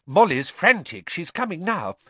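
A man voicing an eager, excitable middle-aged wizard father. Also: high voice, moderate pace, no echo, voice pushed up, heavily acted. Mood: anxious.

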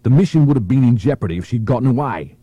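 A man's voice: mid-range voice, lively intonation, fast talker, dark tone, husky, no echo, dull audio, voice pushed up. A man voicing a defiant male gunman who insists, in a defensive tone, that he was right.

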